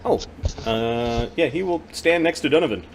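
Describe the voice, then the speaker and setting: A man's voice: medium pitch, moderate pace, slight background noise. A man acting as game master, narrating a tabletop game and working through rules, with many fillers.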